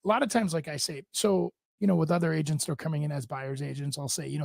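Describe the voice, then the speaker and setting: A man's voice: fairly high pitch, quick pace, vocal fry, few pauses, dry recording. A man from Minnesota, a real estate agent co-hosting a radio show in a studio, bluntly telling deal stories and acting out both sides of the talk. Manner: blunt, animated storytelling, acts out both sides of his deals. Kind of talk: casual studio chat.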